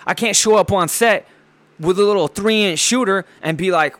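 A man's voice: high-pitched, moderate pace, a bit bright, no echo. A man hosting his own show, ranting in a profane, rambling way about movies and sports news. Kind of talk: casual ranting monologue.

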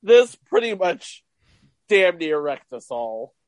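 A man's voice: high voice, sing-song, slow pace, dry recording. Matter-of-fact man, dry close sound. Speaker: podcast co-host. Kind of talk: casual chat.

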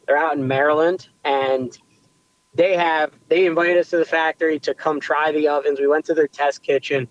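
A young adult man, a pizzeria owner, telling his story in a casual interview, animated and rambling with restarts. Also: on the high side, moderate pace, no echo, lo-fi sound. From United States.

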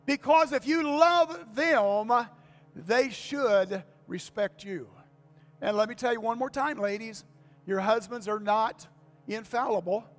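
An older pastor preaches a sermon to his congregation in a folksy way, repeating key lines and asking for amens. His voice is extremely high-pitched and slow, with soft background music and the long reverb of a church hall.

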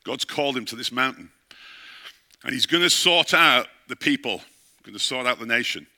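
A middle-aged pastor preaches a sermon built around a story, frequently putting questions to his listeners. His medium-pitched voice is bright and forceful, animated, and moves at a normal pace.

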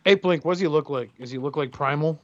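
A man's voice: a little high, fast talker, dull audio. A man co-hosting a podcast in casual chat, telling rambling profane stories and acting out quotes. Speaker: podcast co-host.

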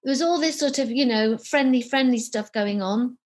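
In an interview, a middle-aged psychotherapist and author from the UK shares a story from her own life at a normal speed and a fairly high pitch. Her delivery is animated as she reenacts the dialogue she recalls.

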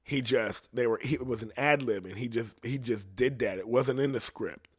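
Young man, casual rant, profane, rambling, mid-pitched voice. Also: moderate pace, husky. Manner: profane, excitable, rambling with restarts. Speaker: singer ranting to camera.

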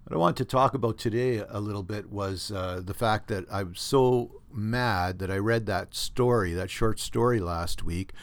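A Canadian man with a lowish voice hosts a casual solo podcast monologue at normal speed with hardly any pauses. He rambles, shares strong opinions, and restarts often, recording on a computer setup at home.

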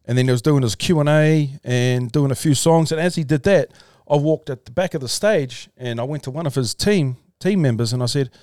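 A man's voice: mid-range voice, brisk, few pauses, darkish tone, clean tone, no room sound, clean studio sound. A man, a podcast guest, telling a long story in loose casual chat, swearing freely and calling people "bro". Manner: loose, swearing, says "bro", talks in restarts.

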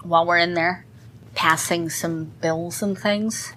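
A woman in her thirties co-hosting a podcast, chatting casually in an excitable way and laughing often. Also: on the low side, slow pace, very noisy. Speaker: podcast co-host. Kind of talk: casual chat.

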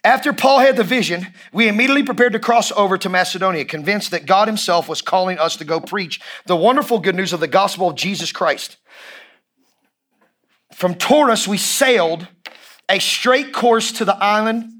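A pastor preaching a sermon with energy and emphasis, repeating lines and breaking into shouts, joking informally with his congregation. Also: sits high, moderate pace.

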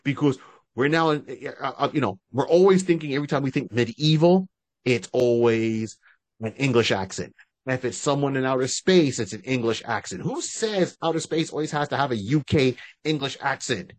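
Medium in pitch and moderate in pace, this podcast co-host comes through without room sound. His fan-casting chat is casual and long-winded, and he keeps restarting sentences.

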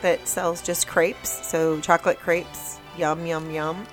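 A woman with a somewhat low voice chatting on a podcast. She talks easily and laughs often. Faint music sits behind her. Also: flat delivery, slow pace, low-quality recording. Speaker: podcast co-host. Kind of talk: casual chat.

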